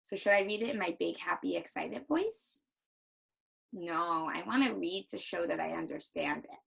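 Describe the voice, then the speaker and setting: A young woman teacher giving a recorded reading lesson to young children, with exaggerated, animated demonstrations. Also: lowish voice, moderate pace, creaky, husky, low-quality recording.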